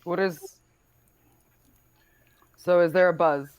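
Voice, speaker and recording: A woman's voice: fairly low pitch, fairly even intonation, a little mellow, clear, resonant tone. A woman playing a tabletop role-playing game, chatting casually, asking questions and restarting her sentences. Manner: questioning, talks in quick restarts. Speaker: player. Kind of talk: casual play chat.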